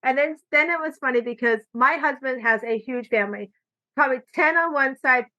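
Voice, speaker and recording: A woman hosting a podcast, chatting casually and telling animated stories, acting out quoted lines, recorded with muffled lo-fi audio. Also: high-pitched, a little fast. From California. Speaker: podcast host. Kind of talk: casual conversation. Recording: dull lo-fi audio.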